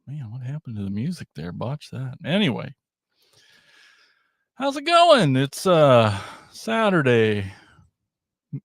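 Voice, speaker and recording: Middle-aged male host, casual toy-stream chatter, dry close sound, mid pitch, meandering and jokey. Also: no room sound. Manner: rambling, self-deprecating, jokey. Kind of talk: casual livestream chat.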